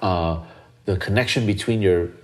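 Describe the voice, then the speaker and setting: A man's voice: sits low, moderate pace. A man hosting a podcast in casual conversation, earnest and often restarting as he searches for words. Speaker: podcast host.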